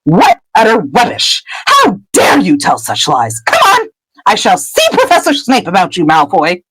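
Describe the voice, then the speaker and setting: A woman's voice: medium pitch, wildly swooping pitch, normal speed, a bit bright, slightly rough, heavily acted, rough recording. Woman doing a stern older schoolmistress. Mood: indignant. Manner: clipped and indignant. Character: stern older female teacher scolding a pupil.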